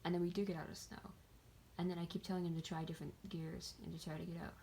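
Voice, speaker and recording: A woman's voice: on the low side, level tone, very fast, creaky, dark tone, slight background noise. A young woman from the Pittsburgh area telling a story in a casual, rambling way, full of fillers and swearing. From greater Pittsburgh area. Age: young adult. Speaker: vlogger.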